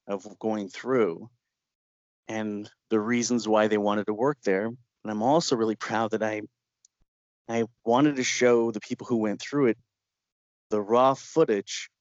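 A man's voice: lowish voice, no room sound. A documentary filmmaker telling stories in an interview. He laughs often and acts out what people said. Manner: lively storyteller who laughs often and acts out quotes. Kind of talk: interview anecdote. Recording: dull, lo-fi sound.

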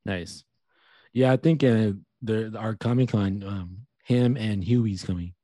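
A man's voice: lowish voice, slow, mellow, no echo, clean studio sound. Laid-back podcast co-host man. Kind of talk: casual chat.

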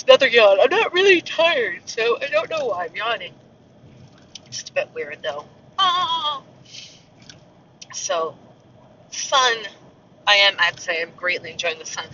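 A woman's voice: medium pitch, sharp tone, slight background noise. A woman in her forties chatting casually as she drives, rambling and jumping from tangent to tangent about whatever she passes. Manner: rambling, jumps to tangents about passing sights. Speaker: podcaster. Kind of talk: casual chat while driving. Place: inside a car on a country road. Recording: dull, muffled audio from a distance.

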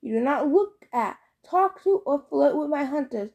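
A woman's voice: sits high, lively intonation, moderate pace, creaky, a little mellow, voice pushed up. A woman voicing a stern, commanding huntress goddess in an audiobook, curt and firm.

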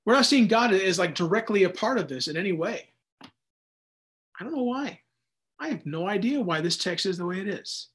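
A man's voice: sits high, lively intonation, moderate pace, pauses often, a bit bright. A man casually teaching a Bible study, talking loosely with restarts and acted-out asides. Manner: conversational, rambling, with frequent restarts and acted-out asides.

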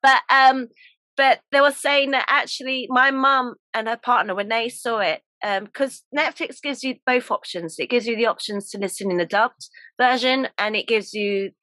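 An English woman hosting a podcast, talking in a relaxed, chatty way with lots of laughs and fillers. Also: on the high side, normal speed, dry recording. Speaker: podcast host. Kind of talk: casual chat.

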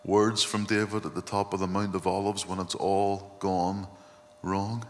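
A low, unhurried man's voice delivers an earnest sermon, weaving in scripture as he reflects. His words ring out with a long reverb, as if from a large church hall. A faint hum sits underneath. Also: level tone. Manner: earnest, reflective preaching, often quoting scripture. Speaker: pastor.

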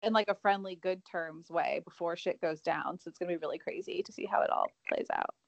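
A young woman co-hosting a casual celebrity gossip chat, agreeable and quick to chime in. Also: lowish voice, gravelly, dry recording. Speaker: co-host. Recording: dull lo-fi sound.

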